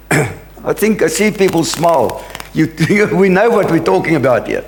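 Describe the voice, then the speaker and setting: A man's voice: fairly high pitch, animated, moderate pace, reverberant. A middle-aged man, a pastor, preaching a sermon in an earnest, emphatic way. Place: church sanctuary.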